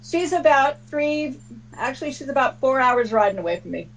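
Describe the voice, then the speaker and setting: A woman's voice: sits high, expressive, moderate pace, slight background noise, rough recording. A woman on a livestream, casually reading out viewer comments and teasing the others. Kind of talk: casual group chat on a livestream.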